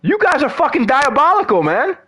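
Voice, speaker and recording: A man's voice: extremely high pitch, sing-song, a little fast, a bit bright. A man ranting in a casual, profane monologue about fighting games, exasperated and slangy. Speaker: gaming vlogger.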